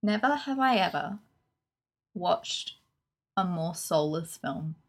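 Lively, opinionated woman. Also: fairly low pitch, slow pace. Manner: animated, opinionated, frank. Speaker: podcast co-host. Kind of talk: casual film review chat.

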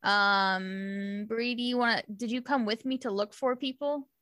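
A woman's voice: fairly high pitch, steady tone, measured pace, a bit bright, no echo, studio quality. A woman player chatting at a tabletop game, hesitant and giggly. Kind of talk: casual table chat.

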